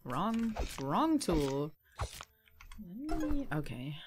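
A woman's voice: medium pitch, very animated, unhurried, background noise. A woman giving casual, chatty gameplay commentary, giggling often and talking to the game's characters, a little sniffly from a runny nose. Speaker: let's play gamer. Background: faint game music.

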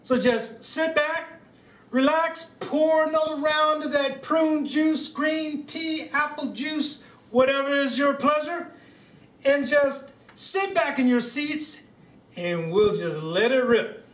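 Man doing a stately president, very slow formal speech, comic stumbles, echoey living room, distant mic. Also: extremely high pitch, fairly bright tone, heavily acted. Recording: roomy room sound from a distant camera.

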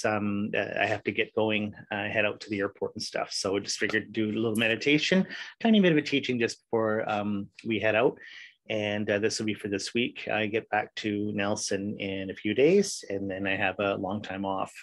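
A man teaching a recorded meditation class, chatting loosely with fillers before reciting a sutra in a steady voice. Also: fairly low pitch, dry recording, low-quality recording. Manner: relaxed, rambling intro with fillers, then steady recitation. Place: home, recording solo before travel.

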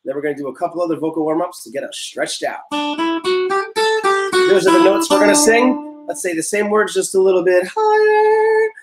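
A young man teaching a music class, leading vocal warm-ups in an upbeat, encouraging way and explaining step by step. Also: high-pitched, sing-song, normal speed. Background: guitar notes played under the talk.

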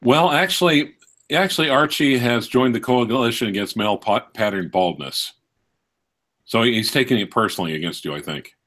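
A man co-hosting a live stream, calmly reading out viewer messages. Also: mid-range voice, moderate pace. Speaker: co-host. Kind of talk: casual live-stream chat.

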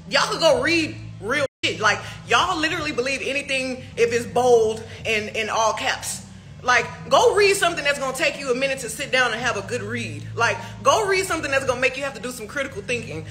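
A woman's voice: sits high, bright, forceful tone. A young woman in a heated, profane livestream rant, firing off rhetorical questions. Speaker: artist speaking to fans.

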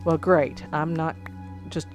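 A woman's voice: deep voice, little pitch movement, slow. A woman playing a computer game and commenting as she goes, getting exasperated and swearing, then trying to keep it clean. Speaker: gamer. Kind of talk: let's play commentary. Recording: music under the voice. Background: background music.

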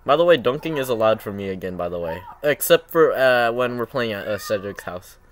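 A teenage boy hosting a casual reaction video at home, excitable and self-mocking, saying "bro" a lot. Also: mid-range voice, a little fast, slight background noise. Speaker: channel host reacting to his own old basketball video.

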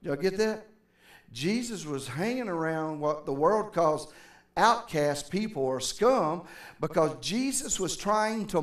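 High-voiced preaching pastor, roomy church. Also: male voice, a bit bright, distant mic. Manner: preacherly, conversational, calls out to the congregation. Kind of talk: sermon. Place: church sanctuary.

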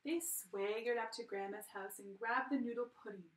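Woman teacher reading a kids story, lively, echoey room. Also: on the high side, normal speed, slight background noise. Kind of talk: children's story read-aloud. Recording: roomy, from a distance.

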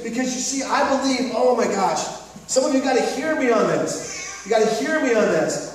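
A man's voice: very high-pitched, expressive, fast talker. A man preaching a sermon as pastor, emphatic and repetitive, full of rhetorical questions. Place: church sanctuary. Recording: echoey hall recorded from far off.

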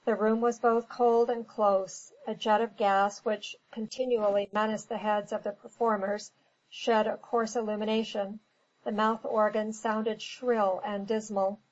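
A woman reading an audiobook in measured, scripted narration. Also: medium pitch, muffled recording.

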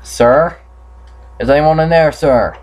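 A man's voice: a little high, slow pace, a little mellow. A young man commenting on a horror game playthrough, swearing often and yelping when startled. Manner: swears a lot, jumpy and startled. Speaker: gamer.

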